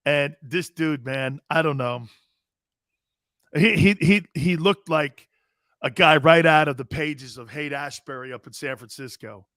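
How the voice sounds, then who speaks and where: Animated joking sports talk host. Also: male voice, fairly high pitch, a little slow, no room sound, studio quality. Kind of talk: casual sports radio chat.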